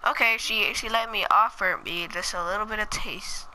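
A woman's voice: medium pitch, moderate pace, pushed and bright, slight background noise, poor audio. A woman giving casual, slangy gameplay commentary, chatting to viewers and muttering asides to herself as she plays. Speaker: gaming channel host.

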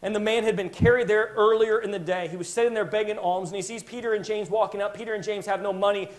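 Brief: male preacher, very high voice, impassioned storyteller in the pulpit. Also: fairly even intonation, fast talker. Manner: impassioned storytelling, dramatic retelling. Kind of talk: sermon.

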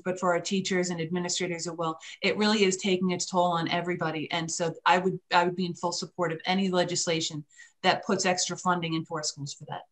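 A woman, a state senator, giving sincere, measured remarks on a panel video call. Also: on the low side, a bit bright.

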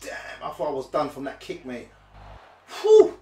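A young man reacting loudly while playing a fighting game, yelping and bantering in slang. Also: medium pitch, fairly even intonation, fairly quick, gravelly. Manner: yelps and slangy banter with the officials. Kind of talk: excitable live gameplay reactions. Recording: echoey room, off-mic, game music.

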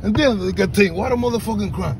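A man's voice: sits high, fast talker, crowd noise. A man arguing from a car, profane and combative, switching between Spanish and English, filmed on a phone. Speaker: car passenger filming a traffic stop. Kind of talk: heated argument. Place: inside a parked car at night.

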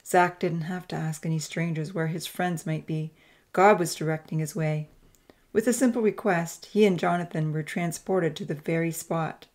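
Woman reading a story aloud, lowish voice, steady and expressive. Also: moderate pace. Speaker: narrator. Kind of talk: scripted audiobook narration.

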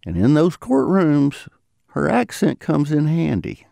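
A man hosting a podcast, narrating in a lively, conversational storytelling manner. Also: fairly high pitch, unhurried, vocal fry, dry recording. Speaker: podcast host. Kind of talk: scripted narration.

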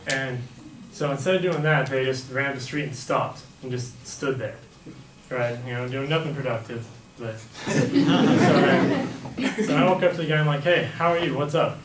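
A young man with a mid-range voice casually tells a personal story at a moderate pace, rambling and peppering his sentences with "like" and "right?". The recording is echoey, with a distant mic and a faint background hum.

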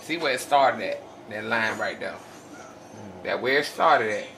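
This tired channel host has a mid-range voice that's creaky yet bright, delivered unhurriedly with a forceful tone. He's demonstrating casual home cooking in his own kitchen, folksily addressing viewers as "y'all." Recorded from afar in an echoey kitchen, the clip carries background noise.

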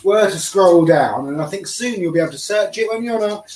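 A man, co-hosting a home cooking video, explaining in a relaxed, self-mocking way as he cooks. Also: sits high, brisk, distant mic. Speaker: cooking show co-host. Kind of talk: casual cooking demonstration. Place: home kitchen. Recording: roomy kitchen sound, away from the mic.

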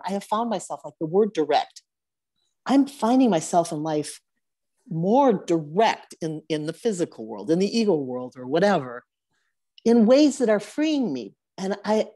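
A woman with a mellow, warm voice and a lively, swinging pitch. She shares her thoughts earnestly, halting and restarting as she searches for words. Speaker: study group member. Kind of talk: casual spiritual discussion.

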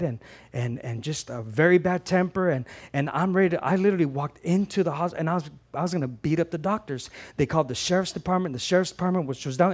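A middle-aged man preaching a sermon as pastor, telling a personal story with passion, swinging from loud to hushed. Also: a little high.

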